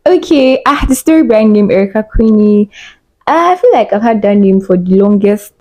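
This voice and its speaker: A woman's voice: mid-range voice, lively intonation, fairly quick, mellow. Chatty young woman guest. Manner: chatty storyteller. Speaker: podcast guest, event host. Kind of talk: casual chat.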